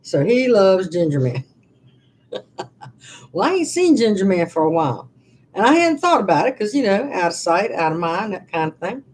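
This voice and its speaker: A woman's voice: medium pitch, very animated, moderate pace, a little mellow, breathy edge. A woman in her sixties chatting casually from her living room, telling rambling stories with many restarts. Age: 60s. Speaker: vlogger. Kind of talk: casual live-stream chat.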